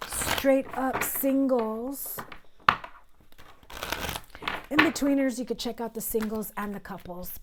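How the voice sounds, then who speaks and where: A woman giving a tarot reading to camera, earnest and direct, her voice strained and rough from illness, sometimes dropping into low mutters. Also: very noisy. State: recovering voice, coughing. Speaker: tarot reader.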